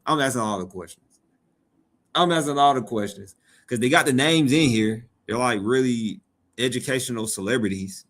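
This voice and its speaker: A man's voice: mid-range voice, expressive, moderate pace, a bit bright. A man from Georgia hosting a live stream, reading chat aloud and joking. He talks casually and playfully, repeating his phrases.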